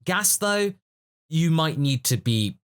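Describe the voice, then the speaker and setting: A man's voice: on the high side, very animated, slow, clear, resonant tone. A man hosting a casual podcast discussion, musing and analytical in a chatty way. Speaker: podcast host.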